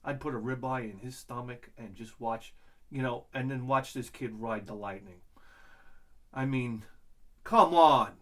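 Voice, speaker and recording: A man's voice: mid-range voice, fairly even intonation, normal speed, fairly bright tone. A middle-aged man hosting a vlog, telling a crude, rambling comic story with many restarts. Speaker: vlog host.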